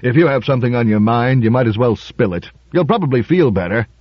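A man voicing a gruff, blunt male dinner guest who growls his words, in a storybook reading. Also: medium pitch, expressive, fast, dry recording, lo-fi sound, close to an everyday voice.

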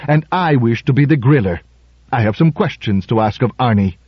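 A man's voice: mid-range voice, expressive, normal speed, breathy edge, no echo, muffled recording, pitched above the performer's own voice. A man voicing an insistent, blustering middle-aged host who has appointed himself as the questioner, in a storybook reading. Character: pushy self-appointed male dinner host.

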